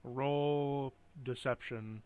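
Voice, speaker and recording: A man's voice: mid-range voice, fairly even intonation, very slow, clear, resonant tone, no room sound, narrow, tinny audio. A man running a tabletop game as game master, explaining the rules with hesitant fillers.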